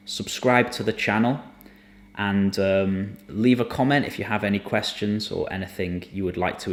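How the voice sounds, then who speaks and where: A man teaching somatic emotional release in a gentle, earnest, unhurried way, sometimes dropping almost to a whisper. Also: lowish voice. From United Kingdom. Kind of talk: reflective spoken teaching to camera.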